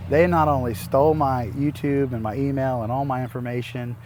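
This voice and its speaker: A man's voice: mid-range voice, moderate pace, hardly any pauses, background noise. Rambling, exasperated homesteading vlogger man. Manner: rambling, restarts, exasperated retelling with laughs. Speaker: homesteading YouTuber. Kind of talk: casual to-camera storytelling.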